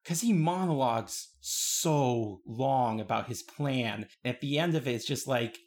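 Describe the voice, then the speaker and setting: Man, podcast co-host, casual chat, dry and matter-of-fact, middle pitch. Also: unhurried, few pauses.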